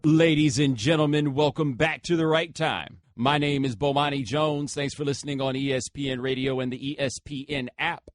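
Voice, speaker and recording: A man's voice: medium pitch, fairly even intonation, moderate pace, hardly any pauses, no room sound, soft background music. A man hosting a sports talk radio show from a studio, taking callers in a loose, joking way with slangy asides. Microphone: studio microphone.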